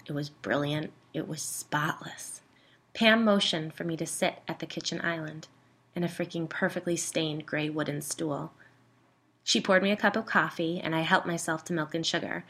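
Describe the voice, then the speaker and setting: A woman's voice: deep voice, moderate pace, fairly bright tone, husky. A woman narrating a first-person story in a wry, conversational way.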